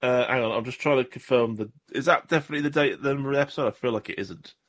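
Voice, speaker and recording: A man from Southwest England co-hosts a casual podcast chat, speaking quickly in a medium-pitched, fairly bright voice. Jokey, rambling and self-deprecating, he often stops to correct himself.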